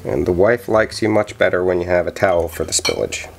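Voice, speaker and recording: A man giving a casual how-to demonstration of home winemaking at home, explaining each step in a relaxed, chatty way with occasional fillers. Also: deep voice, fairly quick, vocal fry. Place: indoors at home.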